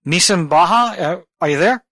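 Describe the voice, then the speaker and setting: A man's voice: sits high, animated, moderate pace, sharp tone, no room sound. A man hosting a podcast in casual chat, teasing his co-host with wisecracks.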